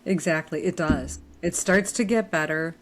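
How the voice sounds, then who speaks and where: A woman's voice: on the low side, normal speed, slight background noise. An older woman chatting casually on a podcast, telling family stories and acting out the dialogue. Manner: storytelling, acts out family dialogue. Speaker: podcast co-talker. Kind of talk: casual chat.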